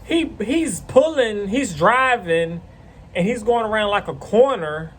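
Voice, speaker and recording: A man's voice: high voice, unhurried. A man casually telling a rambling, profane story to camera. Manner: rambling, profane, animated retelling.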